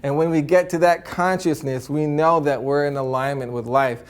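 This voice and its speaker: A man's voice: fairly high pitch, steady tone, moderate pace, smooth. A man giving a spiritual talk to an audience, earnest and upbeat, often tagging his points with "right?" and breaking into chuckles. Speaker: spiritual teacher.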